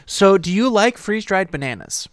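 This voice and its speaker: A man's voice: sits high, very animated, normal speed, dry recording, clean studio sound. A man co-hosting a podcast in casual chat, easygoing and wry with his friend. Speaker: podcast co-host.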